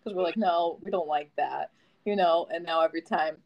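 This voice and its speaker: A woman's voice: fairly low pitch, brisk, gravelly, lo-fi sound. A young woman co-hosting a casual chat, laughing often and acting out stories with dramatic voices. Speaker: podcast co-host.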